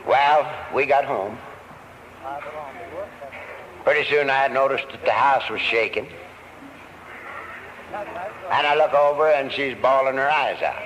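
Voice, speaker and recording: A man speaking at a recovery meeting, telling his story in an earnest, deliberate way. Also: mid-range voice, a bit bright. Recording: old lo-fi tape recording.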